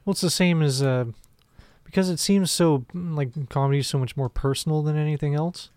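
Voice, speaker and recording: A man's voice: fairly high pitch, fairly even intonation, fairly quick, a little mellow, clean tone, no echo. Profane laughing man on a podcast. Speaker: podcast co-host. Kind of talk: casual chat.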